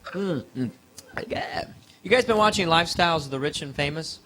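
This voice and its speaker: A man's voice: fairly high pitch, expressive, moderate pace, a bit bright. A man doing a live stand-up set in a comedy club, rambling playfully and teasing the audience.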